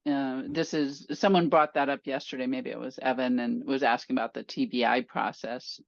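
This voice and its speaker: A woman's voice: rumbling low, steady tone, normal speed, vocal fry, dry recording. Woman on a research panel, jokey, laughs a lot, dry dull-sounding audio. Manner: joking, laughs often. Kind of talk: panel discussion.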